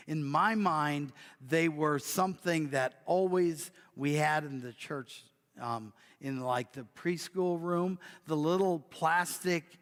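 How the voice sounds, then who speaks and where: A man preaching and telling a story, swinging from loud bursts to near whispers. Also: on the high side. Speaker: pastor. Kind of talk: sermon storytelling. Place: church sanctuary. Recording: long church hall reverb.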